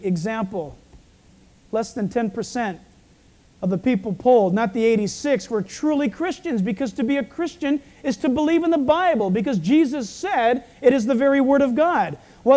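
Croaky, mellow-voiced male preacher. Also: very high voice. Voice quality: croaky, frog-like voice. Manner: storytelling preacher with self-deprecating asides. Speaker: pastor. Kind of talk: sermon.

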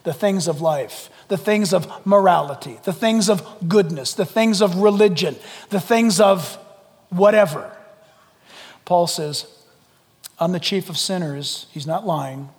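A man preaching a sermon to a congregation, dramatic and animated, jumping from loud exclamations to hushed near-whispers and acting out quoted voices. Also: high voice, unhurried. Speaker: pastor. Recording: long hall reverb.

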